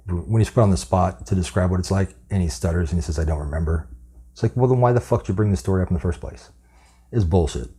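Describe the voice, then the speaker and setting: A man rants in a very low, husky voice, swearing and scoffing as he picks apart a story. His tone is dark and mellow even while he is angry, and he rambles and repeats himself. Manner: profane, scornful, rambling. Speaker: commentary vlogger. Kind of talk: angry commentary rant.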